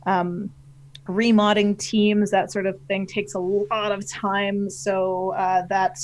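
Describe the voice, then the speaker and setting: A woman chats on a live stream panel and answers viewer questions. She rambles, backtracks and jokes at her own expense. Her voice sits at an ordinary middle pitch. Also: flat delivery, slow pace, poor audio. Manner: rambling, self-deprecating, full of fillers. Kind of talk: casual live-stream chat.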